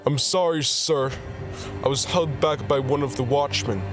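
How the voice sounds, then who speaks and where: A man's voice: medium pitch, a little slow, close to an everyday voice. A man voicing a nervous young male henchman who answers his master apologetically and hesitantly. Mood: deferential. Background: background music.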